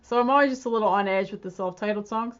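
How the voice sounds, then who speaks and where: A woman's voice: medium pitch, quick pace, dull audio. A woman hosting a casual music reaction video, chatty and self-deprecating, laughing easily as she talks.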